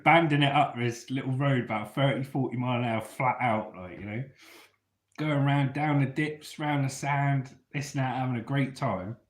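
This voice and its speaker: A man spins stories in a chatty, laddish voice and swears freely. His pitch sits in the middle of the usual range. The room around him is noticeably echoey. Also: moderate pace. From England. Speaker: storyteller host. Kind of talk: casual storytelling.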